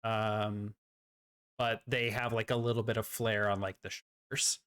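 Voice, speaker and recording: A man's voice: lowish voice, flat delivery, unhurried, fairly bright tone, clear, resonant tone. A man narrating as game master, rambling and searching for words with lots of fillers.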